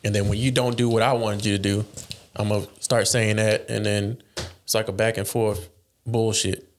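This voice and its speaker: A man's voice: lowish voice, little pitch movement, normal speed, a little hiss or hum. A man co-hosting a casual podcast chat, playing out both sides of relationship arguments in quoted voices and swearing casually. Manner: laughs between lines, swears casually. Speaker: podcast co-host.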